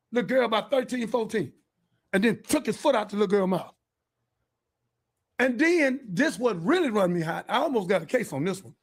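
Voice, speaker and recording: A man hosting a podcast, delivering a fiery, profane, preachy monologue and breaking into shouts. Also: high voice. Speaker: podcast host. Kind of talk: heated monologue.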